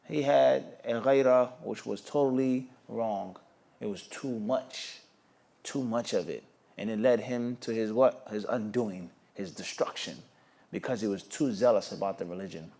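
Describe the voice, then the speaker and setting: A man giving a sermon-style lesson in a live Q&A session, quoting Arabic, translating it and acting out the dialogue in his stories. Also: mid-range voice. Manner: animated storytelling, acts out quoted dialogue with raised voice; quotes Arabic then translates. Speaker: Islamic scholar teaching. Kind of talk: Q&A sermon lecture. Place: recorded for an online Q&A stream.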